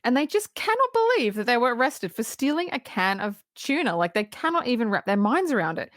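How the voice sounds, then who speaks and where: A woman's voice: fairly high pitch, brisk, dry recording, clean studio sound. Chatty woman recapping a movie. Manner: animated retelling with quoted lines. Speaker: podcast co-host. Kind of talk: casual movie review chat.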